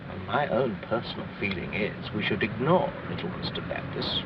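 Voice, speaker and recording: An actor playing a formal, courteous chauffeur in a 1960s TV drama. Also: male voice, fairly low pitch, expressive, brisk. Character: polite, proper chauffeur Hunter. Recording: dull lo-fi 1960s TV sound, hiss.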